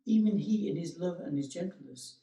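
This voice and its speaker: A man giving a meditation teacher's dharma talk in a gentle, reflective way, with many pauses and restarts. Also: fairly high pitch, expressive. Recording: echoey room, voice from far off.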